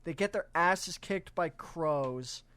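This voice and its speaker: A man's voice: on the high side, slow, fairly bright tone. A young man co-hosting a casual movie-riffing podcast, ranting crudely and with lots of energy. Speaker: podcast co-host.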